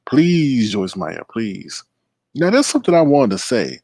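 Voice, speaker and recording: A man's voice: fairly low pitch, wildly swooping pitch, normal speed, creaky, a little mellow, no room sound, clean studio sound. A man hosting a late-night livestream, chatting casually, greeting viewers by name and rambling through asides. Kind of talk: casual live-stream commentary.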